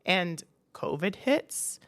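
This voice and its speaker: Canadian woman on a podcast, low-ish creaky voice, blunt and chatty, says like a lot and swears casually. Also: lively intonation, drawn-out words. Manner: frank, peppered with "like", swears casually. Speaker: podcast guest. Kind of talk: candid conversational storytelling.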